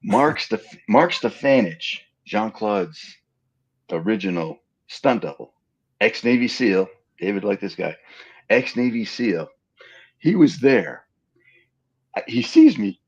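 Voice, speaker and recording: A middle-aged man tells behind-the-scenes stories as an interview guest, slipping into the voices of the people in them. His voice sits low with a rough, husky grain. It comes through a muffled, lo-fi remote call. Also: slow, long pauses. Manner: animated storyteller who acts out quoted dialogue. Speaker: interview guest, film stand-in and double. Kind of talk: casual anecdotal storytelling. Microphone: remote live-stream call.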